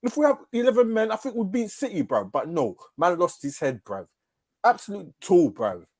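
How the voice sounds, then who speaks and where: A man's voice: sits high, sing-song, moderate pace, dry recording. A man co-hosting a podcast, arguing football in slangy, insistent talk. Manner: slangy, insistent, repeats "bruv". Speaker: podcast co-host. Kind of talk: heated football debate.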